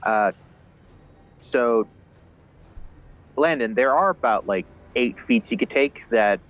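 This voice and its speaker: A man's voice: mid-range voice, lively intonation, takes it slowly, faint music behind. A man running a tabletop game online, talking hesitantly while checking his notes. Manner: hesitant, lots of uh and okay. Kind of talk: casual banter at the game table. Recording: dull lo-fi online call audio.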